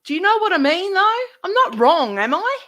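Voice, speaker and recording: A woman's voice: very high voice, big pitch swings, moderate pace, fairly bright tone. A woman live streamer ranting to her chat, indignant, swearing heavily and repeating herself.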